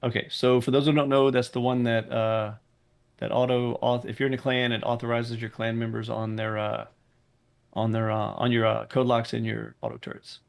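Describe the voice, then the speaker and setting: Here the server owner holds his staff meeting through a voice chat mic, casual in tone but blunt and firm, with swearing when he gets annoyed. His voice is creaky and mid-range, moving at a moderate pace.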